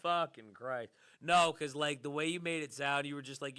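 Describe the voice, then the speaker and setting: A man's voice: fairly high pitch, moderate pace, bright, forceful tone, smooth, no echo, studio quality. A man co-hosting a casual podcast chat, jokey, cutting in and swearing.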